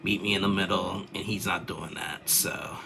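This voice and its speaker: A man's voice: low-pitched, steady tone, normal speed, creaky, pushed and bright, a little hiss or hum. A young man chatting casually as he recaps a reality show, rambling with lots of fillers and restarts.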